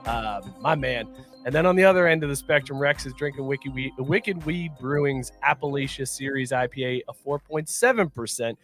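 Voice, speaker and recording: A man's voice: medium pitch, moderate pace, soft background music. A man hosting a casual podcast, teasing his friends and reading viewer comments. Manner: teasing, animated. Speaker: podcast host. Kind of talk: casual beer-and-sports chat.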